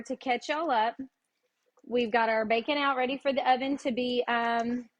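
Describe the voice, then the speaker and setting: A woman with a Tennessee Southern accent, hosting a live cooking lesson and chatting folksily with her viewers as she goes. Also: fairly high pitch. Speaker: cooking show host.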